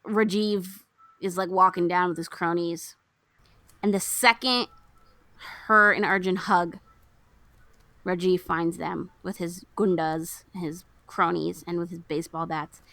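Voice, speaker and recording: A woman co-hosting a podcast, chatting casually as she recaps a film. She gets animated and acts out characters' lines in a raised voice. The recording is dry, with the mic close and no room sound. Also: on the low side, unhurried, dry recording. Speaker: podcast co-host.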